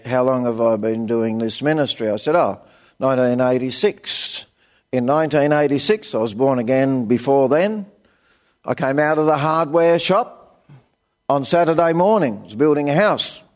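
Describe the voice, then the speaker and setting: An older man with an Australian accent preaches in a plain-spoken, storytelling way, acting out the voices of the people in his stories. His voice sits notably high for a man. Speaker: pastor. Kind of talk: sermon with personal stories.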